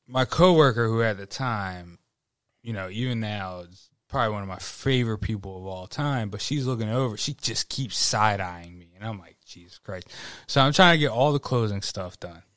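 A man's voice: lowish voice, moderate pace, fairly bright tone, dry recording. A man in casual podcast chat, telling a work story with lots of swearing, laughter and acted-out quotes. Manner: profane, laughing storyteller who acts out quotes. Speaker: podcast guest.

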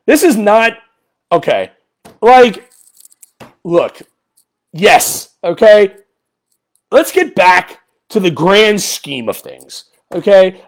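A male podcast host delivering an exasperated, emphatic post-game rant full of rhetorical questions. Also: high voice.

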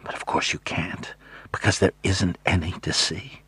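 A man's voice: sits low, unhurried, slightly rough, no room sound. A man voicing a frightened, insistent small-town woman in an audiobook, in an urgent hissing whisper. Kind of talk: audiobook character voice.

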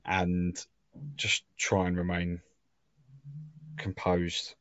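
Deep-voiced man on a podcast. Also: completely flat delivery, drawn-out words, a bit bright, no room sound, muffled recording. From England. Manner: rambling, self-deprecating, emotional fan. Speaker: podcast co-host. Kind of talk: casual chat.

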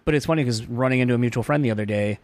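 A man in casual podcast chat, telling stories in a quick, chatty way. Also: mid-range voice, no room sound.

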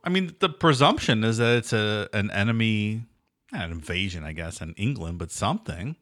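Co-host, male, lowish lively voice, agreeable and playful. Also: normal speed, no room sound, studio quality. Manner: chimes in with agreement and jokey voices. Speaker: podcast co-host. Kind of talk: casual banter.

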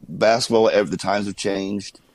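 Gravelly, low-voiced man telling wild stories. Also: normal speed, dry recording, rough recording. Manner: animated storyteller, acts out quotes, laughs often. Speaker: guest, former wrestler. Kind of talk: casual storytelling interview.

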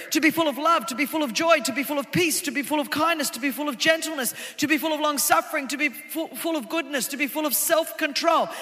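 A woman preaches to a congregation, her high, piercing voice swelling into shouted refrains before sinking to a quiet, intimate tone. Her words ring out in a large hall with a long reverberant tail. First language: Greek heritage speaker of English. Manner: impassioned, rising to shouts, then dropping low and intimate. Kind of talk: sermon. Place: church auditorium.

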